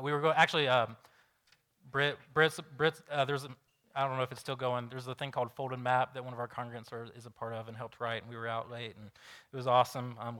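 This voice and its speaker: A man's voice: medium pitch, bright, forceful tone. A man in his thirties preaching a sermon in a conversational, storytelling way, often restarting sentences. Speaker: pastor.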